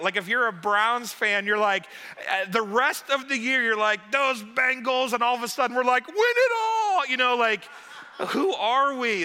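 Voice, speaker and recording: A man who is one of the pastors, giving a casual, joking sermon in a church auditorium. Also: sits high. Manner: chatty, joking, animated asides. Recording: long hall reverb.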